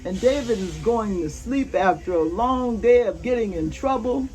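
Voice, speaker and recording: Faint roofing work hums behind an older woman reading a picture book to her grandchildren in a low-quality recording. Her voice is on the high side and expressive, and she reads slowly and gently, asking them questions.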